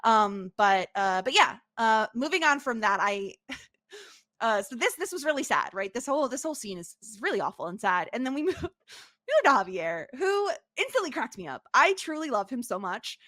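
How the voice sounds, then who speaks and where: A woman co-hosting a podcast, talking in a casual, halting way with lots of fillers. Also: on the high side, very animated, pushed and bright, no echo. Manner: halting, filler-heavy, earnest. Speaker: podcast co-host. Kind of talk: casual chat.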